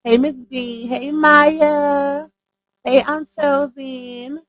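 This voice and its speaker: A woman's voice: high voice, fairly even intonation, extremely slow, fairly bright tone, poor audio. A woman hosting a casual livestream, chatty and slangy, greeting viewers one by one and laughing easily. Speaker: livestream host.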